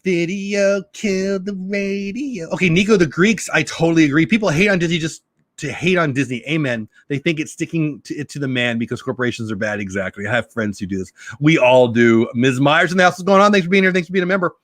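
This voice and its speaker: A middle-aged man hosting a casual live-stream chat, animated and talkative, with a slight sore throat. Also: on the high side, quick pace, no echo, studio quality. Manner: animated, chatty, reads chat aloud. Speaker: live show host.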